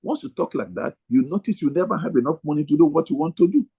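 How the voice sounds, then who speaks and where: A man's voice: fairly high pitch, expressive, fast talker, gravelly, slightly rough, highs cut off. A man, a pastor teaching other pastors in a sermon style, emphatic and repeating his key phrases.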